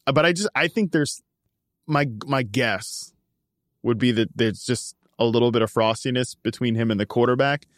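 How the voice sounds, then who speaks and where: A man's voice: medium pitch, moderate pace, no room sound, studio quality. A man co-hosting a casual sports chat, giving rambling, hedged opinions. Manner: rambling, hedging opinions with "like" and "I think". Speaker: podcast co-host.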